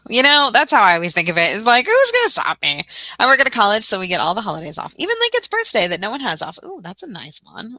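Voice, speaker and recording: A woman's voice: on the low side, gravelly, bright, forceful tone, no room sound. A woman from Tennessee hosting a casual livestream tutorial, chatty and giggly, rambling with lots of fillers. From Tennessee, USA. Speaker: livestream host.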